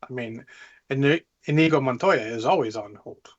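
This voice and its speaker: A man's voice: medium pitch, moderate pace, dull audio. A man co-hosting a tabletop gaming podcast, talking loosely and animatedly in casual chat. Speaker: podcast co-host, game master.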